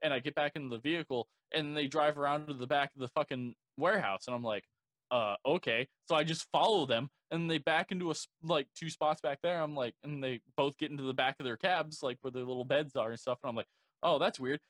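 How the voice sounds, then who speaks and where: A man's voice: on the high side, a little fast, fairly bright tone, no echo, studio quality. A young man casually telling a work story as a security guard, blunt and profane, full of "like"s. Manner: profane, blunt, rambling with many "like"s. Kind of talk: casual podcast chat.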